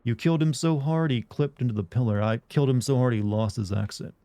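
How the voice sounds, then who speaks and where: A man's voice: mid-range voice, fast talker, dark tone, clean tone, no echo. Joking male game streamer. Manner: rambling, joking, laughing often. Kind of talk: casual chat while playing.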